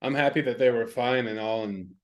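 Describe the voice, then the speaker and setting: A young adult man, a podcast co-host, talking in casual chat with halting restarts and supportive backchannels. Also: mid-range voice, lo-fi sound.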